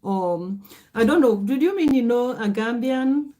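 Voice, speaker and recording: A woman's voice: on the high side, expressive, unhurried, warm tone. A middle-aged woman with a Kenyan accent, hosting a casual livestream and reading out viewer comments, greeting people by name. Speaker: livestream host.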